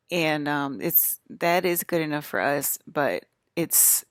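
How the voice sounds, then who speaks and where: A woman's voice: sits low, normal speed, no room sound. A woman, a mother, rambling casually to her audience from a hotel room, often restarting her sentences. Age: adult with children. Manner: chatty, wandering, restarts mid-sentence. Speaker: vlogger.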